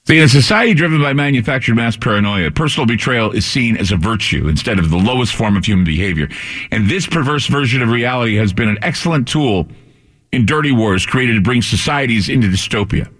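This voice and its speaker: A man's voice: medium pitch, expressive, fast, a bit bright. A man hosting a call-in talk radio show, speaking in a sardonic, mocking way. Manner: sardonic, mocking impressions of public figures.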